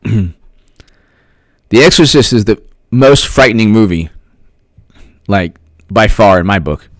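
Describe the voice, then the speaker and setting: A man talks straight into a close mic on a livestream, his pitch swinging widely as he fires off rhetorical questions and repeats himself for emphasis. The sound is dry and close, with no room around it. He stops often to thank viewers by name. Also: lively intonation, takes it slowly, no echo. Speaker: political commentary livestream host. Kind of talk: casual livestream commentary, reading chat.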